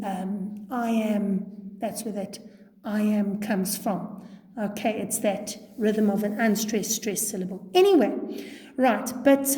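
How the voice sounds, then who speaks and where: A woman's voice: a little high, warm tone. A woman teacher giving a poetry lesson, reading lines aloud dramatically and quizzing her class. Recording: echoey room with long reverb.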